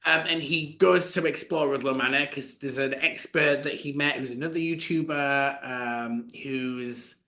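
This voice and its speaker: Chatty podcast man with bright voice. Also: mid-range voice, unhurried, few pauses. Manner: chatty, animated, many fillers. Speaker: podcast co-host. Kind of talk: casual storytelling chat.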